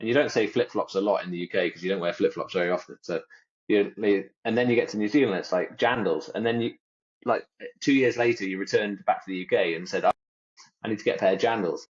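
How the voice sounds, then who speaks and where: A man's voice: on the low side, fast talker, dull audio. A man co-hosting a podcast in casual chat, rambling and jokey and mimicking other people's phrases. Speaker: podcast co-host.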